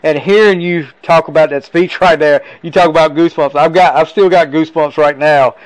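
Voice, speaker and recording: A man's voice: fairly high pitch, fairly even intonation, fairly quick, no room sound, low-quality recording. A man hosting a sports talk interview, enthusiastic and affirming toward his guest. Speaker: sports talk show host.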